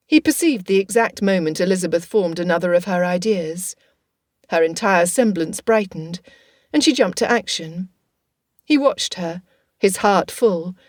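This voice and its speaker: Low-voiced woman narrating an audiobook. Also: no room sound, clean studio sound.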